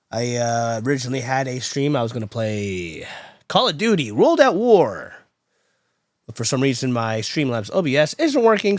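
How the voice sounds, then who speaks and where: Exasperated streamer muttering and venting. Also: male voice, mid-range voice, dry recording, clean studio sound. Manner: frustrated, exasperated, swings between loud outbursts and muttering; chats with viewers while troubleshooting. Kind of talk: casual live-stream chat.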